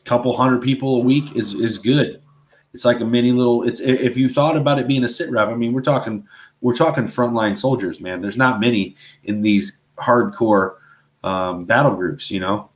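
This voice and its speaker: A man co-hosting a casual faith talk show, speaking earnestly and rambling, with a constant "right?" and "you know". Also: mid-range voice. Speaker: podcast co-host.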